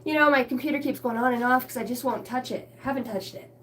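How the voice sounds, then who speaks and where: A woman's voice: fairly high pitch, slight background noise. A woman rambling casually to camera from a basement, laughing often and swearing as she tells stories. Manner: laughing, profane, storytelling with quick asides. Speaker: spiritual reader and vlogger. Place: basement room lit by a ring light.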